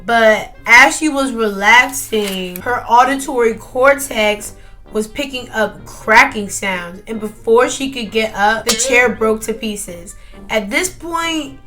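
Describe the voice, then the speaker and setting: Give me a chatty teenage girl telling a story, high-pitched, with soft music underneath. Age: teens. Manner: chatty, lots of "like". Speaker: student narrator. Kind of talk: casual storytelling for a school project. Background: faint background music.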